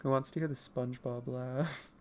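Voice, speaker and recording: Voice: mid-range voice, fairly even intonation, normal speed, a little hiss or hum. An artist chatting casually with viewers on a livestream while drawing, playful and rambling, laughing often and swearing now and then. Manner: rambling, self-correcting asides. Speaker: artist streamer answering chat.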